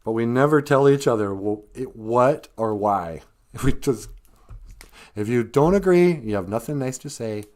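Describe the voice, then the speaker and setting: Minnesotan male host, slow, lively pitch, joking monologue. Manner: rambling, joking, laughs at his own jokes. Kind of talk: comedic live-stream monologue.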